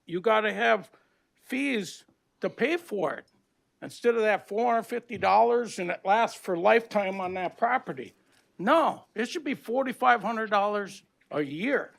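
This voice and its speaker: Older guy from minnesota griping at the county board, rough plain talk, gravelly voice. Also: high voice, animated, unhurried, fairly bright tone. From Minnesota, USA. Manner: blunt, aggrieved, plain-spoken with rough grammar. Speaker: public commenter. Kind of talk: public comment at a county board meeting.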